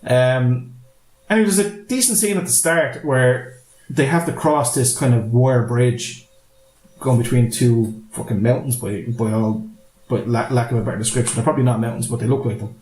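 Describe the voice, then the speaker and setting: A man's voice: mid-range voice, normal speed, a little mellow, echoey room. An Irish man hosting a podcast, recapping a film in a rambling, sweary, laughing way. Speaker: podcast host. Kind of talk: casual podcast movie recap.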